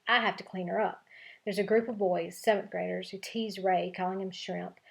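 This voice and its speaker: Woman teacher, read-aloud of a middle-grade novel, gravelly, expressive. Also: mid-range voice. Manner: expressive, lively voicing of dialogue. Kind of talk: reading a chapter book aloud.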